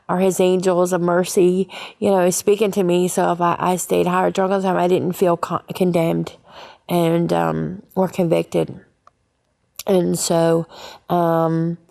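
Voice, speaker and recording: A woman shares her personal faith testimony in a low voice. Her tone is gravelly with some fry, and she talks haltingly, often stopping to restart. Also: darkish tone. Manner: halting, frequent fillers and restarts. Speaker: guest sharing her life story.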